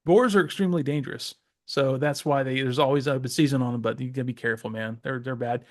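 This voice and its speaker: A man's voice: mid-range voice, fairly even intonation, fast, a little mellow. A man from the Southeastern US co-hosting a casual podcast, rambling with many fillers and restarts. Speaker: podcast co-host. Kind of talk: casual chat.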